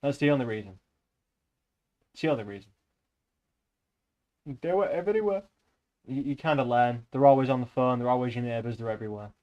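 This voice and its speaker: A man's voice: mid-range voice, fairly even intonation, fast, muffled recording. A man reading a novel aloud on a live stream, breaking off often for rambling, joking asides to his chat.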